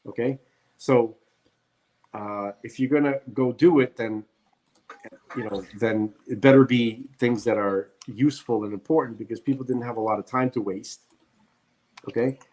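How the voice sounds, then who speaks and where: A man with a middle-pitched voice talks in a casual podcast chat. He rants bluntly and hammers his points with repetition. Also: steady tone, normal speed, pauses often, a little mellow. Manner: blunt, ranting, emphatic repetitions. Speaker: podcast co-host.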